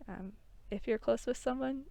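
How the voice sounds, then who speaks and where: A woman voicing an eager, friendly teenage boy in a tabletop role-play, speaking earnestly and gently. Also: a little high, moderate pace, gravelly, no echo, pitched above the performer's own voice. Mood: gentle. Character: eager friendly young male gnome-ish teen.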